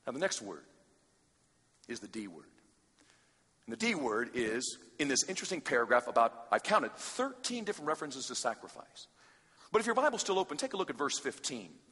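A man preaching a sermon in a large hall, dramatic, swinging from loud urgency to a hushed near-whisper. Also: mid-range voice, very animated, a little fast, husky. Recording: long hall reverb.

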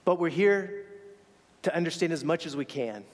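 A man's voice: a little high, lively intonation. Earnest man preaching in a reverberant hall. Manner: earnest, reflective storytelling with halting restarts. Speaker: speaker sharing a faith story. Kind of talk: sermon storytelling.

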